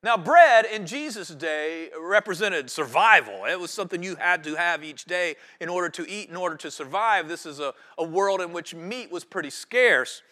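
A man delivering a sermon from the pulpit. His voice sits high and rings bright and forceful, and he drives his lines in rhythmic waves that surge loud and then sink quiet. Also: animated, normal speed, hardly any pauses. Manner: rhythmic preaching with sweeping rises and drops in volume. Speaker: pastor.

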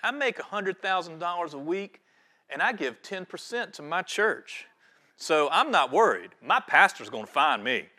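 A man doing a calm, unbothered castaway. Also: on the high side, normal speed, heavily acted. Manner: calm, matter-of-fact.

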